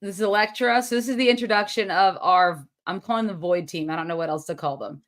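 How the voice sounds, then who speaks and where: A woman co-hosting a casual movie review, relaxed and matter-of-fact. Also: medium pitch, quick pace. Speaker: podcast co-host.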